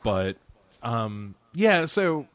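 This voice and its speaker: A man's voice: mid-range voice, sing-song, extremely slow, fairly bright tone, clean tone, dry recording. A man hosting a podcast, chatting casually about films in a rambling, self-deprecating way. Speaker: podcast host.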